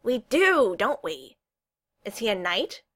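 A woman's voice: on the high side, big pitch swings, moderate pace, bright, forceful tone, pitched above the performer's own voice, exaggerated voice. A woman voicing a nosy, theatrical young man who plays the protective best friend in a storybook reading. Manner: theatrical, accusing.

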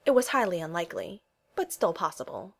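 A woman reading a children's storybook aloud, animated and changing her voice for the dialogue. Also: fairly low pitch, a little fast. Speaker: narrator.

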